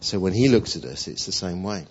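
A man preaching a sermon in an animated storytelling way, acting out quotes. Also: deep voice, a little fast, breathy edge. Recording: dull lo-fi recording.

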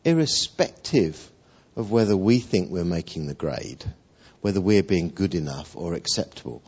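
A man preaching a sermon in an animated storytelling way, acting out quotes. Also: deep voice, moderate pace, slightly rough. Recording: dull lo-fi recording.

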